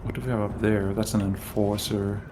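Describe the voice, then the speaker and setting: A man's voice: lowish voice, level tone, moderate pace, noisy background. A man co-hosting a live game stream, chatting casually in a dry, wry way. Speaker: co-host. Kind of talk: casual gaming stream chat.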